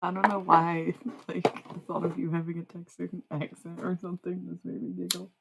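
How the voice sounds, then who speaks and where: A woman's voice: lowish voice, little pitch movement, moderate pace, vocal fry, heavy background noise. A young woman streaming live, chatting casually with her viewers, laughing often and swearing freely.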